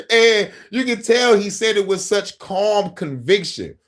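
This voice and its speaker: Laughing, loud man reacting. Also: high voice, unhurried. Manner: loud, laughing, profane and excitable. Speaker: streamer reacting to a video. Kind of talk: casual reaction commentary.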